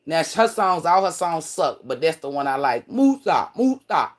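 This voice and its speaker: A man chatting casually on a livestream, rambling and profane, swinging between loud excited bursts and low mutters. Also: moderate pace. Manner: profane, slangy, laughs often. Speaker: livestream host.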